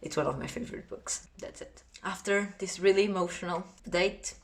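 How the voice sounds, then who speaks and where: Low-voiced Portuguese woman vlogging. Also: moderate pace. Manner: earnest and chatty, often trailing off. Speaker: book vlogger. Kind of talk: casual vlog talk to camera. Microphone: phone or camera on a tripod.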